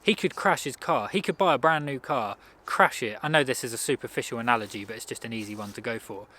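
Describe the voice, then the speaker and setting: A man at an average pitch giving a casual motivational talk. He speaks conversationally and rambles, breaking off and restarting sentences as he goes. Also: fast talker, sharp tone. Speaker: self-improvement speaker.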